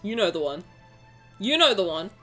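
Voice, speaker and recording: A young woman streaming a game, chatting playfully to her viewers, joking and breaking into excited shouts. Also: mid-range voice, normal speed, faint music behind. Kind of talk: casual game stream commentary.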